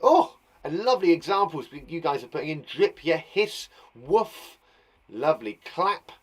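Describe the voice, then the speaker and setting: Teaching young children online from a garden shed classroom, a young British primary school teacher speaks in a rather high, very animated voice at a measured pace. He's playful and encouraging, acting out sound words with gasps and laughs.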